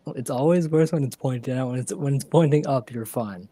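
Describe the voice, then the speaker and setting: A man's voice: medium pitch, brisk, mellow. A man co-hosting a casual livestream, joking and rambling in a slangy way. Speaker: livestream co-host. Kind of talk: casual chat.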